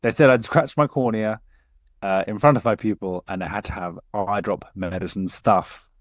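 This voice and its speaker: A man, co-hosting a casual podcast and telling sweary, animated work stories. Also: fairly low pitch, moderate pace, no room sound, studio quality. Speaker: podcast co-host. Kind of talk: casual chat.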